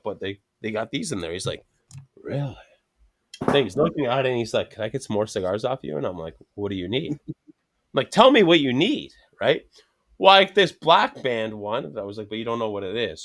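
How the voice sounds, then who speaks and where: A man telling rambling, profane anecdotes in casual chat, acting out both sides of each conversation. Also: fairly low pitch.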